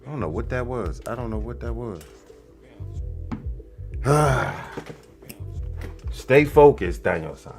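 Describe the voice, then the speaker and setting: A man's voice: medium pitch, expressive, extremely slow, gravelly, long pauses, faint music behind. A man hosting a podcast, giving loose, repetitive, slangy commentary full of asides. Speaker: podcast host. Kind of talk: casual commentary.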